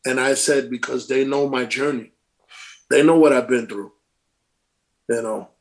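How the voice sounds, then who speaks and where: Speaking at a measured pace with a steady, medium-pitched tone, this middle-aged Brooklyn native, once a professional baseball player, is a guest in an interview. He spins his stories casually, swears without holding back, and acts out the quotes.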